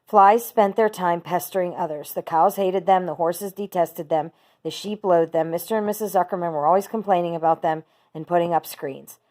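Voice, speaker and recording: A teacher reading a children's book aloud, steady and expressive. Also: female voice, on the low side, normal speed.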